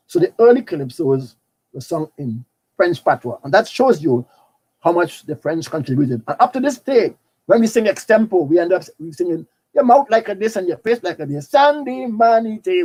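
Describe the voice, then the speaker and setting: A man's voice: fairly high pitch, a little mellow, husky, low-quality recording. An older man with a Trinidadian accent lecturing on carnival history, telling it with animation, breaking into snatches of calypso song and often repeating words. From Trinidad and Tobago.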